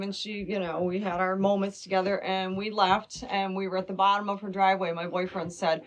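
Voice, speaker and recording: A woman's voice: medium pitch, fairly quick, hardly any pauses. A woman guest, a dog trainer, telling stories animatedly and acting out quoted lines. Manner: animated storyteller, acts out quotes. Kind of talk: storytelling interview.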